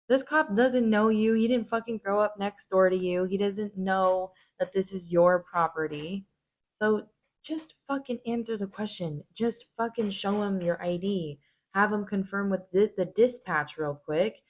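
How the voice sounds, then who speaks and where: A woman's voice: medium pitch, a little slow, darkish tone. A woman hosting a reaction video, giving blunt, casual commentary full of swearing.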